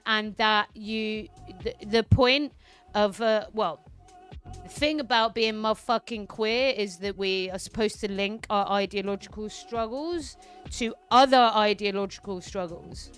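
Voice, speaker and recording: A woman's voice: mid-range voice, fairly bright tone, clear, resonant tone. Fiery, foul-mouthed woman streamer. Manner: profane, heated, ranting. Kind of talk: casual political commentary stream.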